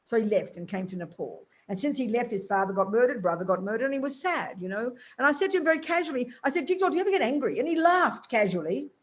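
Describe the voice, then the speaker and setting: A woman's voice: a little high, expressive, fast, hardly any pauses. A woman Buddhist nun giving a teaching talk in a blunt, emphatic, colloquial way.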